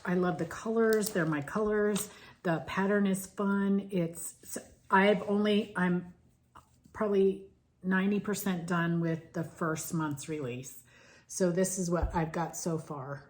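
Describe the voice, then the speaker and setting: A woman's voice: on the low side, fairly even intonation, slow. A woman co-hosting a stitching channel, chatting casually and wandering off into stories. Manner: chatty, digressive storyteller. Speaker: flosstube co-host.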